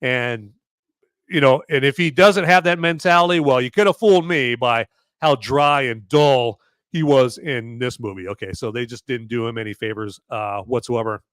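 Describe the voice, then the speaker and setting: Podcast host, male, casual live-stream chat, lots of ums and restarts, clear smooth voice, dry close mic. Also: mid-range voice, moderate pace, no room sound. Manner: rambling, lots of fillers and restarts; sarcastic, animated asides. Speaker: podcast host reviewing a movie.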